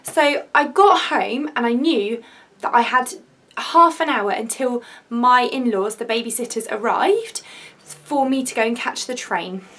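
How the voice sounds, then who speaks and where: A woman in her twenties, a vlogger, telling a story-time tale in a chatty, excitable, rambling way with many fillers. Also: a little high, a little slow. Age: 20s.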